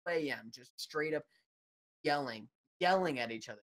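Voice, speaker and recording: A man's voice: on the high side, moderate pace. A young man co-hosting a live-streamed chat show, telling a story with lots of laughing and "dude". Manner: animated storyteller, keeps laughing mid-sentence and saying "dude". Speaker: co-host.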